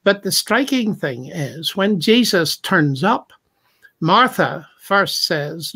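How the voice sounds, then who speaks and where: A man's voice: high-pitched, expressive, slow pace, gravelly, pushed and bright, slightly rough. A man speaking as a Christian apologist in a thoughtful discussion, reflective and retelling stories with acted-out quotes.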